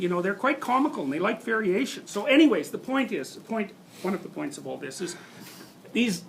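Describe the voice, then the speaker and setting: Older guy lecturing a class, high voice, laughs a lot, jumps around mid-sentence, faint hiss behind. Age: 50s. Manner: animated, laughs often, digressive with restarts. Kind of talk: university lecture. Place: lecture hall with students.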